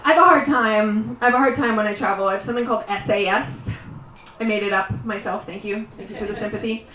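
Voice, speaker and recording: A woman from Canada performing a live stand-up comedy set, chatty and rambling, with quick asides and mock complaints. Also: medium pitch, crowd noise. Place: live show at a small guesthouse venue. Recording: roomy distant live room sound.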